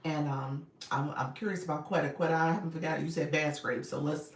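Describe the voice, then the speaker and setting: Chatty gravelly woman livestream coach. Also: deep voice, fairly even intonation, fast talker, reverberant, recorded from a distance. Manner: upbeat, chatty, greets viewers by name.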